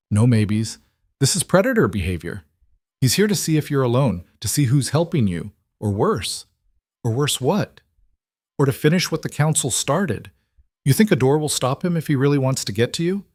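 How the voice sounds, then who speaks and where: A man voicing a stern protective guardian who speaks quietly and bluntly, in an audiobook story. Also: medium pitch, no room sound, clean studio sound, voice pushed up, close to an everyday voice.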